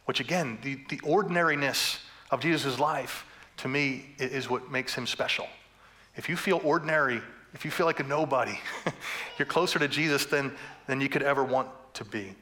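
Bright-voiced passionate male pastor. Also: mid-range voice, moderate pace. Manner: passionate, building to fervent emphasis; playful humor between points. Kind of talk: sermon.

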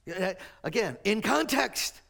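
High, gravelly, slow-preaching man. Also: animated. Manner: dynamic preaching, swings between raised emphatic lines and quiet low asides. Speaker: pastor. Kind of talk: sermon.

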